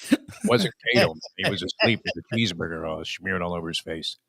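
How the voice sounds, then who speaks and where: A man with a fairly low voice hosts a casual sports talk show. He rambles through wisecracking stories, full of "uh"s and tangents. The sound is dry and close to the mic. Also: huge pitch swings, fairly quick, vocal fry, fairly bright tone, no echo. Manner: wisecracking, rambling storyteller with frequent "uh"s.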